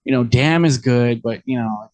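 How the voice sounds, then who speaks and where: This man is a guest on a relaxed podcast. He has a mid-pitched voice and talks in an easygoing way, often breaking into a chuckle. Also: normal speed. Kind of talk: casual podcast chat.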